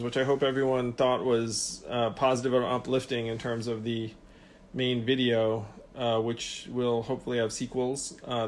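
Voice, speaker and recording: A man hosting a casual live question-and-answer stream from his home, rambling and relaxed, with lots of fillers and restarts. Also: mid-range voice. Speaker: host of an Instagram live Q&A.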